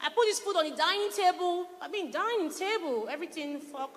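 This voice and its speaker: A middle-aged woman pastor preaching a sermon, telling lively stories and acting out her husband's words. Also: very high-pitched, brisk, a little hiss or hum. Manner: animated storytelling, quotes her husband. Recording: long reverberant hall.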